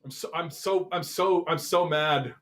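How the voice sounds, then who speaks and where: A man hosting a political commentary show, reading an article aloud and reacting to it in an animated, swearing, exasperated way. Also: a little high, a little slow. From Canada.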